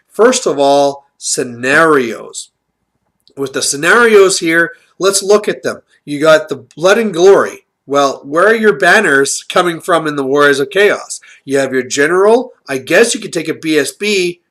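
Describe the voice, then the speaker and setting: A man hosting his channel offers casual strategy commentary in a slightly high, somewhat bright voice. He's chatty, explains tactics, and leans heavily on fillers.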